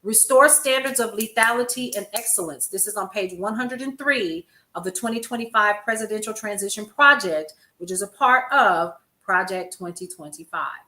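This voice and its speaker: A woman's voice: mid-range voice, normal speed, hardly any pauses, pushed and bright, roomy sound. An older woman, a grandmother, hosting a casual news commentary stream, chatty and laughing often as she talks to her viewers. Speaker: host.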